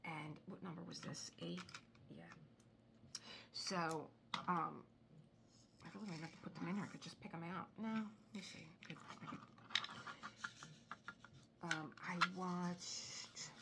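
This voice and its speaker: Woman, gravelly low voice, rambling casual chat, noisy home recording. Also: steady tone, a little slow, pauses often. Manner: rambling, chatty, drifts into soft muttering. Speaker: craft video host. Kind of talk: casual chat while crafting.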